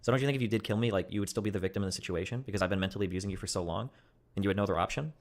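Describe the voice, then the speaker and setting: A man's voice: fairly low pitch, rapid-fire. A man hosting a livestream, pressing a guest with confrontational, interrogating questions in a heated debate. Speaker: streamer host.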